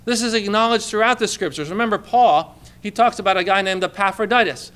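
Bright, clear-voiced male pastor preaching. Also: sits high, a little fast. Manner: conversational preaching with many rhetorical questions, asks for amens. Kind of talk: sermon. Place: church with a congregation.

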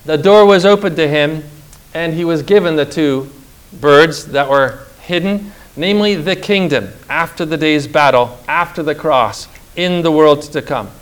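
A middle-aged man preaching a sermon, emphatic and slow, with dramatic pauses and rhetorical questions. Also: a little high, smooth.

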